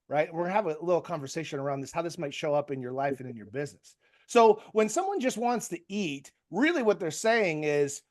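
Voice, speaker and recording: Rambling, higher-pitched male coach speaking to a group on a video call. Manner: rambling and conversational, with many restarts and fillers. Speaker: real estate coach. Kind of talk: live coaching talk to a group.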